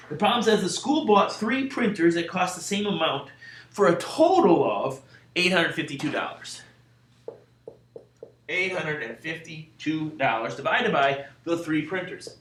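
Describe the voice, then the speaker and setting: A man teaching a math lesson as the class teacher, lively, chanting steps and walking through each problem aloud. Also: on the high side, roomy sound, distant mic. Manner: animated, acts out voices and chants steps.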